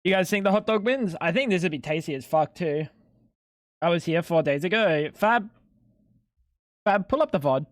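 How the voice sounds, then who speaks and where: A man's voice: high-pitched, lively intonation, moderate pace, long pauses, dry recording, clean studio sound. A young man streaming live, chatting casually with his viewers in a laid-back, slangy way with some swearing.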